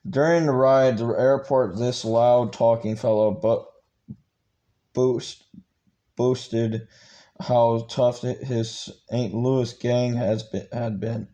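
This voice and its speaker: A man's voice: mid-range voice, steady tone, takes it slowly, warm tone. A man reading a book aloud, stumbling and restarting words often. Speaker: channel host reading a book.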